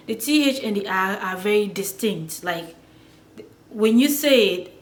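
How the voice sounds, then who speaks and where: A woman teaching pronunciation who talks in a halting way, with many fillers and restarts. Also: mid-range voice, expressive, reverberant. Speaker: language teacher. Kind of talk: explaining pronunciation to viewers.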